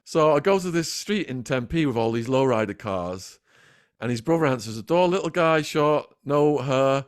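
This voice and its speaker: A man with an English accent telling a gritty crime story in an animated way, acting out the voices of the people in it and swearing freely. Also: mid-range voice, moderate pace, clear, resonant tone. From England. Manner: lively, acts out quoted voices, swears freely. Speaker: guest storyteller.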